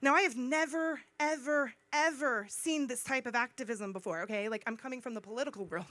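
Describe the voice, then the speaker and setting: On a conference stage, a middle-aged woman tells a personal story with animation, acting out dialogue and repeating phrases for emphasis. Her voice sits high, she speaks briskly, and the recording is dry.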